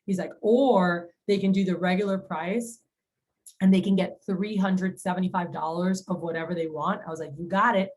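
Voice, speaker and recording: A woman's voice: on the low side, fairly even intonation, normal speed, darkish tone, rough recording. A woman giving a sales training talk in a chatty storytelling manner, retelling phone calls with quoted lines. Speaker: sales manager.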